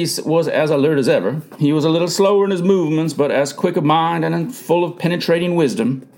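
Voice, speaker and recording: A man's voice: a little high, gravelly, a little mellow. A man reading a first-person memoir aloud as the narrator, earnest in tone and lifting his voice for quoted speech.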